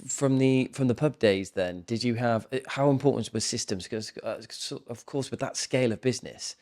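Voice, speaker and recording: A male podcast host asks his guest questions in a casual interview. He speaks at a middle pitch and keeps stopping and restarting his sentences. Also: darkish tone. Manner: halting, with fillers and restarts.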